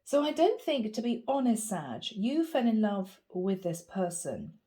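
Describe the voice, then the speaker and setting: A woman with a gravelly voice from a cold, giving a chatty, animated tarot reading. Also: mid-range voice, measured pace. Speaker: tarot reader. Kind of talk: casual spoken tarot reading.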